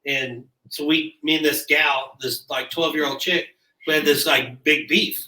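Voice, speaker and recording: Young Kansas guy, cocky interjector, bright voice, echoey distant pickup. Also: a little high, fairly even intonation, measured pace. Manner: boastful, cuts in with quips. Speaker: guest, rodeo cowboy. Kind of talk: casual storytelling. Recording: roomy sound from a distant mic.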